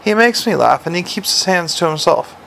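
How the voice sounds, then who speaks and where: A man voicing a shy, sweet young woman, soft and a little plaintive, in a storybook reading. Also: fairly low pitch, lively intonation, a little fast, gravelly, slight background noise.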